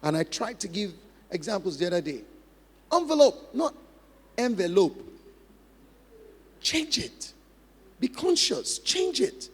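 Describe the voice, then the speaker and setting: High-pitched man preaching in a hall. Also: sing-song, moderate pace, a bit bright, breathy edge. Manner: emphatic, repeats key phrases, mimics practice drills. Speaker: pastor. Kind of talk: sermon. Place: large church hall. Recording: long hall reverb.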